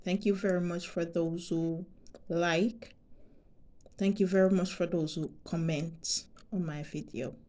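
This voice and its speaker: A Jamaican woman talks straight to her viewers at an unhurried pace. Her voice is mellow and soft-edged, and she makes her points with deliberate emphasis, going back over them to drive them home. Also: on the low side, fairly even intonation. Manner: deliberate, emphatic, repeats herself. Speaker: vlogger. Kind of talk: direct-to-camera monologue.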